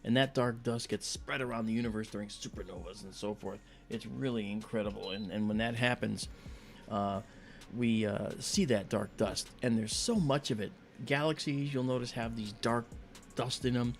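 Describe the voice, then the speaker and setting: A man's voice: medium pitch, moderate pace, faint music behind. A man hosting a live astronomy stream, chatting in a rambling, friendly way with many fillers and greeting viewers by name. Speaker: livestream astronomy host. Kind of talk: casual livestream chat.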